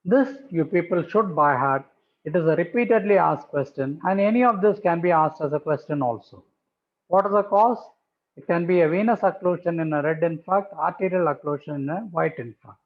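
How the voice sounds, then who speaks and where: A man's voice: on the high side, animated, moderate pace. A man giving a methodical pathology lecture over slides, repeating key terms for emphasis. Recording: tinny phone-like audio.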